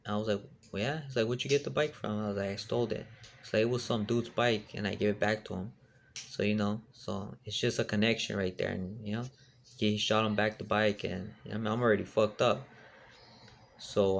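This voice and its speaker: A man's voice: lowish voice, creaky, a little hiss or hum. A young man casually telling a rambling personal story, full of fillers and street slang.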